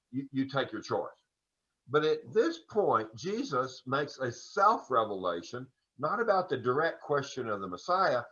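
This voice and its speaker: Male Sunday school teacher, bright voice, easygoing lecture, dull lo-fi sound. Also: medium pitch. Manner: relaxed, chatty teaching with folksy asides. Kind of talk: conversational Bible lecture. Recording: dull lo-fi recording.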